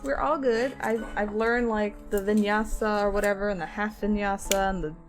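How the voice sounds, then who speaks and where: A woman's voice: medium pitch, steady tone, normal speed, faint music behind. A woman chatting casually on a livestream while she works on crafts, rambling and laughing at herself. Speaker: streamer and craft artist.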